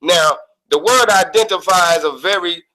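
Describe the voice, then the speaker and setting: A man speaking as a guest on an online call, calmly and methodically breaking down the meaning of words step by step. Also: high-pitched, moderate pace, poor audio.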